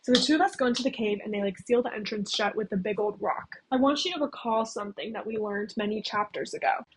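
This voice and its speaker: A woman's voice: medium pitch, fast talker, slight background noise, poor audio. A young woman casually recapping a story plot, chatty and full of "like". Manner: chatty, heavy use of "like". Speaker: video essayist.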